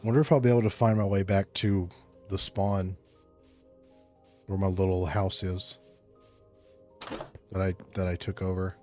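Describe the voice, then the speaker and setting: A man streaming a block-building game, chatting casually with his chat in a laid-back, rambling way and thinking aloud between pauses. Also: low-pitched, flat delivery, mellow. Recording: faint music underneath.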